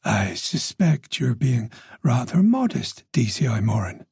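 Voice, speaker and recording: A man's voice: medium pitch, very animated, gravelly, a little mellow, breathy edge, no echo, studio quality, exaggerated voice. A man voicing a chatty, observant older woman with a faint Dublin accent, teasing and talking on in an audiobook. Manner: gossipy, teasing, talks on quickly.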